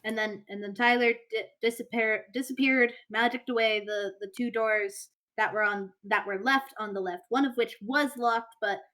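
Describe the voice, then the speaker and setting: A woman's voice: fairly high pitch, fairly even intonation, normal speed, few pauses, a bit bright. Woman player rambling through explanations. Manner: rambling, self-correcting explanations. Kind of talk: casual tabletop game play.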